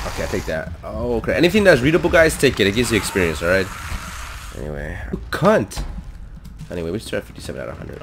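This YouTuber speaks in a lowish voice, fairly quickly and with frequent pauses, against a noisy background in a hot home room. He narrates his game casually to viewers, talks to himself as he loots, and bursts out jumpily when startled.

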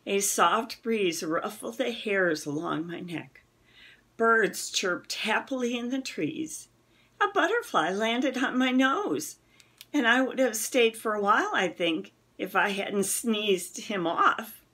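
A woman reading a children's novel aloud, expressive and giving the characters their own voices. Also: medium pitch, takes it slowly. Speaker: reader.

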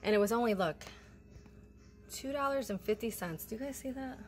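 A woman's voice: fairly high pitch, fairly quick, a little mellow, soft background music. A woman, chatting casually to viewers as she unpacks her grocery haul at home, a little out of breath. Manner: chatty, addresses viewers as you guys. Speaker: vlogger showing a grocery haul. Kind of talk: casual talk to camera.

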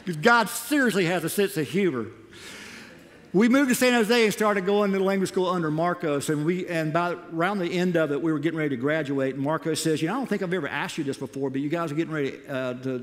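A man preaching to a church, telling his own missionary story in an animated way and acting out what he once said. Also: on the high side. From United States. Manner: animated, acts out his own past words. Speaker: missionary speaker. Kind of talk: sermon storytelling. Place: church auditorium. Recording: long reverb in a large hall.

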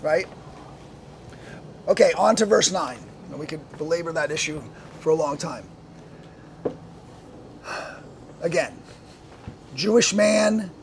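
Male pastor, sermon delivery: high, gravelly voice; animated, full of rhetorical questions. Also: a little hiss or hum. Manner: animated, asks the congregation many rhetorical questions; laughs often between points.

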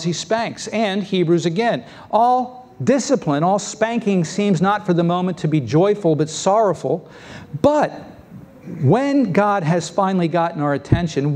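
A man preaching a sermon as pastor, lively and acting out the voices of biblical figures. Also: high-pitched. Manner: lively, acts out scripture voices. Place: church sanctuary.

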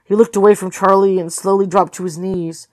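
A woman reading a novel aloud as a tired read-along host, steady with occasional slips and corrections. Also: mid-range voice, brisk, no echo. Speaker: storybook reader.

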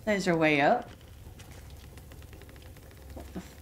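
A young British woman with a British accent giving excitable, gushing, chatty commentary while playing a video game. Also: a little high, measured pace, a little hiss or hum. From Britain. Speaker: gaming streamer. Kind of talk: casual gameplay commentary.

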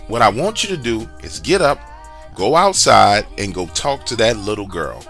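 A man's voice: lowish voice, very animated, normal speed, vocal fry, a bit bright, soft background music, pitched below the performer's own voice, exaggerated voice. A man quoting his stern but caring mother as she firmly scolds her son in his storytelling. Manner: firm, patient, scolding.

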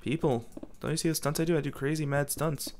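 A man's voice: on the high side, quick pace, darkish tone, slight background noise. A man doing goofy let's play commentary, rambling and talking back to himself. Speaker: gaming commentator.

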